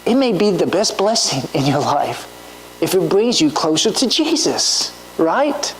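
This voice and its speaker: Earnest woman preaching with lively pitch. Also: measured pace, slight background noise, low-quality recording. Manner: earnest, with rhetorical questions. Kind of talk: sermon. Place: church.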